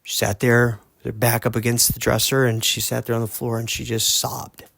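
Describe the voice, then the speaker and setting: A man hosting a podcast, earnestly telling a personal story in a halting way, often restarting his sentences. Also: medium pitch, monotone, vocal fry, a bit bright, dry recording. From United States. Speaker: podcast host.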